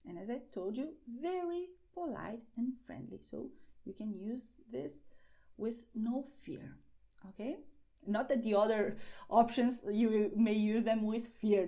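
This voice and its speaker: Slow, patient Spanish-accented woman teacher. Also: on the high side, mellow. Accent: Spanish, from Spain. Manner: patient explanations, slow careful model phrases, frequent "okay?". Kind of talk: online language lesson.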